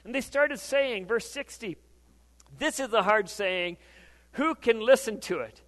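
A man with a high-pitched voice preaches a sermon in a conversational way, checking in with his listeners with frequent questions. His voice carries a long reverb, as if he is in a church sanctuary. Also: animated, unhurried, fairly bright tone. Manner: conversational, asks the congregation questions. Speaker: pastor.

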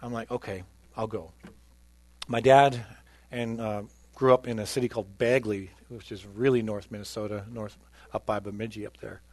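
A male pastor preaching a sermon, telling a personal testimony earnestly and swinging between loud emphasis and quiet. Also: on the low side, steady tone, normal speed, no room sound.

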